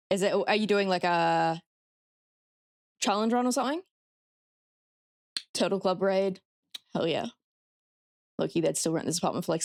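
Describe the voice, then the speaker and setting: A woman's voice: medium pitch, darkish tone, no echo, clean studio sound. An Australian woman streaming a horror game, chatting with her viewers and swearing freely. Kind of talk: casual live-stream gameplay commentary.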